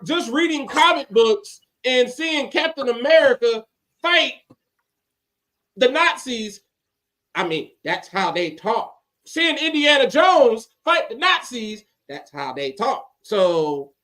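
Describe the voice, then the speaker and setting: A man co-hosting a casual wrestling podcast, talking in an animated, rambling way and restarting his sentences. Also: extremely high pitch, takes it slowly. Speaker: podcast co-host.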